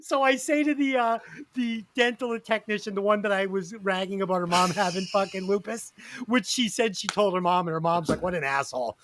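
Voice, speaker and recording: A man hosts a music podcast where he reviews albums, telling anecdotes casually, with profanity and laughter. His voice is high and fairly bright, and he speaks fairly quickly.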